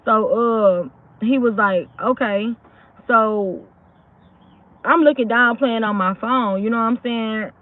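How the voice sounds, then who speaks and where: A woman's voice: fairly high pitch, slow. A woman casually telling a true story, rambling and often checking in with her listeners. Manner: rambling, keeps asking "you know what I'm saying". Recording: tinny phone-like audio.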